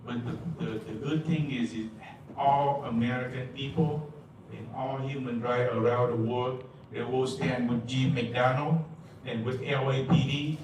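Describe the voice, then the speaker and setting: A man giving a public comment at a meeting. He speaks in halting, repetitive broken English, stumbling over his words. His voice comes from far off in a big echoey hall with steady noise underneath. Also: mid-range voice.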